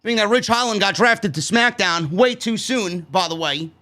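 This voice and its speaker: A man with a New York accent reviewing a wrestling show in a loud, sarcastic, profane rant that breaks into shouts. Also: high-pitched, moderate pace. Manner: loud, sarcastic, swears a lot, shouts often.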